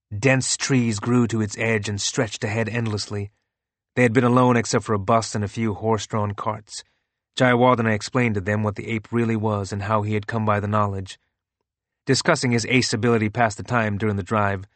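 Brief: male audiobook narrator, steady and even, lowish pitch, dry studio read. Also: no room sound.

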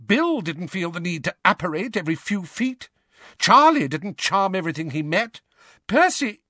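A shrill, furious mother in a storybook reading, scolding her sons in a high, piercing voice, as a male narrator puts her on. The voice is sharp and rises and falls widely, recorded close and dry. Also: big pitch swings, normal speed, dry recording, exaggerated voice. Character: shrill furious mother, middle-aged woman.

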